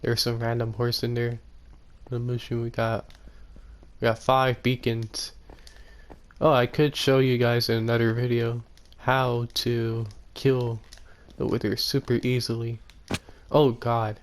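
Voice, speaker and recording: A man casually commenting on his own gameplay, rambling and correcting himself, often speaking quietly. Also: mid-range voice, little pitch movement, measured pace, long pauses. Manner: rambling, self-correcting, soft-spoken. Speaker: gaming YouTuber.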